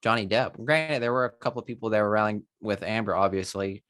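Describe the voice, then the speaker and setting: A man with a fairly low voice, talking casually as a podcast co-host. He rambles, restarts his sentences and drops in mild exclamations. The sound is dry and close, with no room echo. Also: fast talker, a bit bright. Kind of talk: casual chat.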